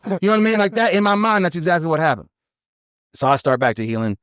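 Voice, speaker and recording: Fast-talking, rambling cowboy storyteller. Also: male voice, a little high, smooth, dry recording, clean studio sound. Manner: rambling and animated, full of "you know what I mean". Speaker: professional team roper, podcast guest. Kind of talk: casual storytelling in a podcast interview.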